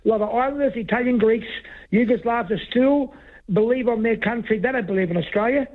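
A man's voice: very high voice, brisk, a crowd in the background. Heated male caller on a phone line. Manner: rambling, stumbling, talks over the host. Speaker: radio caller. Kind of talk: heated talkback call.

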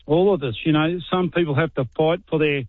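A middle-aged Australian man calls in on a tinny, narrow phone line. His voice sits fairly high, and he sounds weary and aggrieved, halting as he talks. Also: no echo. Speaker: caller, army veteran. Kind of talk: talkback phone call.

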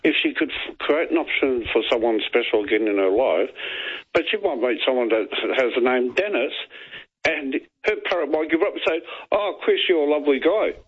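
A man's voice: medium pitch, expressive, normal speed. A man calling in to talkback radio, rambling in roundabout sentences full of fillers. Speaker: caller. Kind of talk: talkback call. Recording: husky, dull phone line on radio.

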